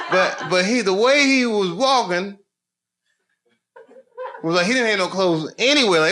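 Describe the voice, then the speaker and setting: A middle-aged man doing stand-up storytelling on stage, loose and conversational, building to loud excited bursts. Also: sits high. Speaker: stand-up comedian. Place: comedy stage with live audience. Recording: noisy live show recording. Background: audience laughter.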